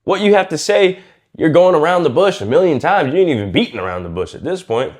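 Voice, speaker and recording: A man coaching viewers on speaking, casual and lively, acting out quiet and loud ways of talking and using slang as he goes. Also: fairly high pitch, quick pace. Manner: lively and demonstrative, acts out quiet and loud speech. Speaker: communication coach. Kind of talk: casual instructional talk to camera.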